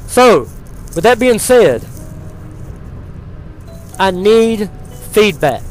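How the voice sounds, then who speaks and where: A man's voice: sits high, very animated, extremely slow, long pauses, darkish tone, faint music behind. A man hosting a comedy podcast, delivering a pompous, rousing parody of a political speech. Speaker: podcast host.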